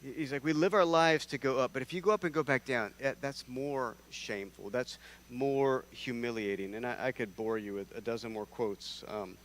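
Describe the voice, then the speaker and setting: Man, sermon, middle-pitched voice, animated, conversational, church. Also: moderate pace, hardly any pauses, slight background noise. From North Carolina. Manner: animated, conversational, with repeated restarts. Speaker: preacher.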